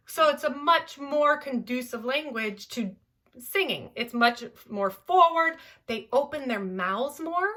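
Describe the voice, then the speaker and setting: A young adult woman from Southern California, a voice teacher talking in a podcast interview in an animated, playful way. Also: on the high side, measured pace. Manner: animated, playful, demonstrates with gibberish singing sounds. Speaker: voice teacher, guest.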